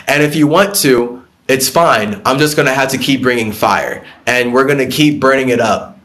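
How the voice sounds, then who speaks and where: A man with a voice of ordinary, middle pitch holds forth on a spiritual live stream. He is blunt and profane, rambling from one idea to the next, answering viewer comments and often breaking into laughs. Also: normal speed, fairly bright tone.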